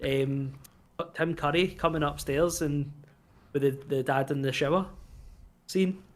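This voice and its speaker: A man's voice: fairly high pitch, measured pace. A Scottish man co-hosting a podcast, animatedly retelling film scenes in casual chat and swearing freely. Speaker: podcast co-host.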